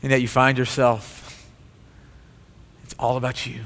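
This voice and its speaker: A man's voice: medium pitch, flat delivery, measured pace, a bit bright. A male pastor preaching a sermon with an earnest, repetitive cadence. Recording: long hall reverb.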